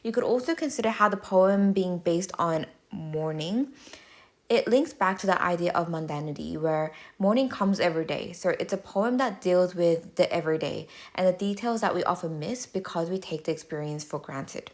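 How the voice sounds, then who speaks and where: A woman tutor giving a measured, clear, step-by-step explanatory voice-over lesson. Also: on the low side.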